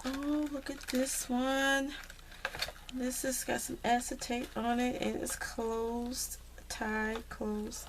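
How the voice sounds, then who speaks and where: A woman's voice: on the high side, slow pace, background noise. A woman, gushing with delight as she unboxes crafted cards in a casual vlog. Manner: gushing, excitable, says "y'all". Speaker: crafting vlogger. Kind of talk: casual happy-mail unboxing.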